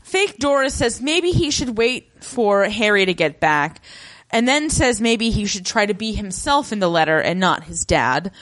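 A woman's voice: mid-range voice, normal speed. A woman co-hosting a podcast, recapping a TV episode in casual chat with wry jokes. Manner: wry, joking, lively asides.

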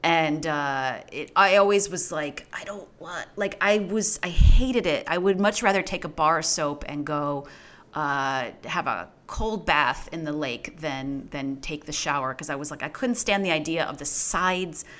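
Low-voiced blunt woman on a podcast. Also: unhurried, a bit bright. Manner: blunt, profane, rambling. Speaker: podcast co-host. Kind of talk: casual movie chat.

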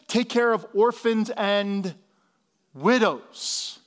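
High-voiced pastor preaching casually. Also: male voice. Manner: casual preaching, slangy asides. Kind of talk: sermon.

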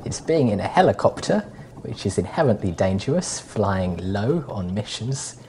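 A woman's voice: very deep voice, big pitch swings, normal speed, dark tone, slight background noise. A sleep-deprived woman co-hosting a podcast in casual chat, with a dry, self-mocking sense of humour. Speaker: podcast co-host.

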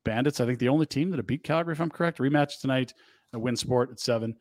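A man's voice: medium pitch, quick pace, a little mellow, dry recording. A man in his forties hosting a sports radio show in a studio, joking and teasing in casual banter.

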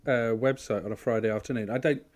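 A man's voice: medium pitch, steady tone, fast, a little mellow. A man co-hosting a podcast, telling rambling, sweary anecdotes in casual chat. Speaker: podcast co-host.

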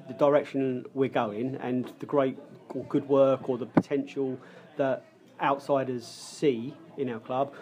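A man hosting a casual football fan podcast, talking haltingly with many restarts. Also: mid-range voice, darkish tone. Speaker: podcast host. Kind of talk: casual pub podcast chat.

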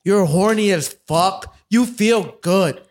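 A man from Canada telling a wild story in casual, profane chat, animated and acting out other people's voices. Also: high voice, takes it slowly, no room sound, studio quality.

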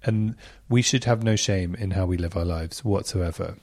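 A man's voice: low-pitched, moderate pace. A man hosting a chatty podcast, talking casually and reading out listener stories. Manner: chatty, animated, reads out listener messages. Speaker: podcast host. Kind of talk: casual chat.

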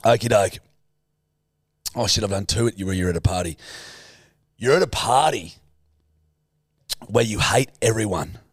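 A man's voice: lowish voice, a little slow, pauses often, husky, no room sound, clean studio sound. A man co-hosting a comedy podcast, crude and laughing in casual chat. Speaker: podcast co-host.

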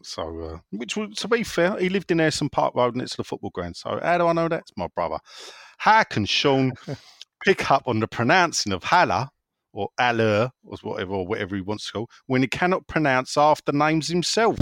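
A man's voice: mid-range voice, sing-song, moderate pace, a bit bright, no room sound. A man chats on a podcast. His voice swings up and down as he jokes and rambles through listener messages. The sound is dry and close. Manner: jokey, rambling, reads listener messages with banter. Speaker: podcast host. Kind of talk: casual podcast chat.

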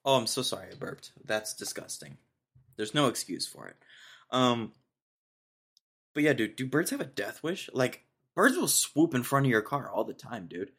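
A man's voice: medium pitch, very animated, normal speed, fairly bright tone, breathy edge. Young male podcast host, casual rambling solo talk, easygoing. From Texas. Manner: rambling, laid-back, says dude a lot.

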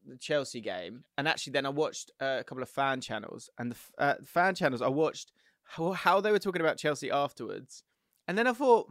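A man co-hosting a casual football podcast, animated and jokey, slipping into quick mimicry. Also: a little high, no room sound, studio quality. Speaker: podcast co-host.

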